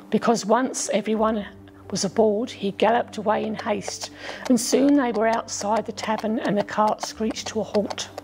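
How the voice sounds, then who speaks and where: A woman narrating a children's storybook in an expressive, gently dramatic way. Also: a little high, rough recording.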